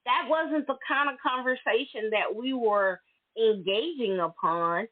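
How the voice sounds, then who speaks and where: Solo woman podcast host, slow and blunt, pitched a bit high, tinny phone-line sound. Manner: blunt, emphatic, profane venting.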